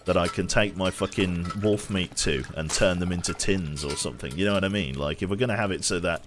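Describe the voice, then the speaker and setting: A young man with a Brummie accent rambles casually while streaming a survival game, swearing offhandedly and restarting his sentences. His voice is low-pitched and brisk, heard over music.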